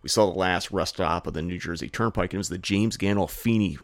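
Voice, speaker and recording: A man's voice: low voice, quick pace, no echo. A man co-hosting a podcast, telling a rambling, profane anecdote in a casual chat full of "like" fillers. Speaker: podcast co-host.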